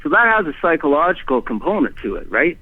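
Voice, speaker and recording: A man's voice: fairly high pitch, slightly rough, no room sound. Rambling man on a tinny phone line. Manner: halting, many restarts and fillers, animated retelling. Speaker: guest telling his own story. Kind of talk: rambling first-person storytelling.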